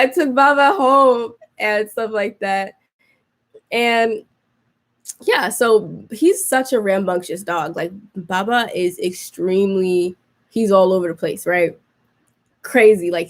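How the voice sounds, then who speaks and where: A young woman hosting a podcast, telling a story in casual chat, full of fillers and restarts, acting out her own reactions. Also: medium pitch. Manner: rambling, many fillers and restarts. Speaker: podcast host.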